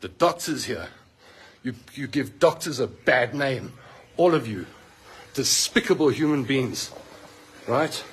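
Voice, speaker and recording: A middle-aged South African hospital patient rants angrily into a phone he holds, filming in a ward. He speaks slowly and expressively with long pauses, in a medium-pitched, fairly bright voice, and the rough recording is reverberant with a long reverb tail. His South African English comes across as indignant, accusing and fired up.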